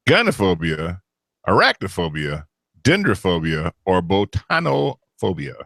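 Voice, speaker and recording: Man, lowish voice, lively swings in pitch, swears a lot, casual quiz banter. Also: unhurried, vocal fry, no echo, studio quality. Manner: animated, swears and laughs often. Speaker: co-host running a quiz.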